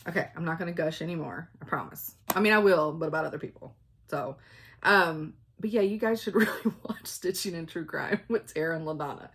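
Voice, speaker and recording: A middle-aged woman, telling stories in a loud, chatty vlog and laughing often. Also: low voice, brisk, slightly rough. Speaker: cross-stitch vlogger. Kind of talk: casual storytelling chat.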